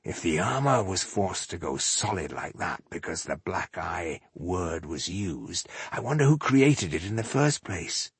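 A man voicing a cheerful male dwarf warrior who teases his friend, husky-voiced and easygoing. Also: sits low, very animated, a little slow, hardly any pauses, no echo, heavily acted. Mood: teasing. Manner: jovial, mocking, easygoing.

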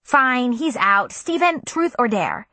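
A woman's voice: fairly high pitch, big pitch swings, slow, pushed and bright, dry recording, pitched above the performer's own voice, full character voice. A woman voicing a pushy teen girl. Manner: insistent, teasing. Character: pushy bossy teenage girl.

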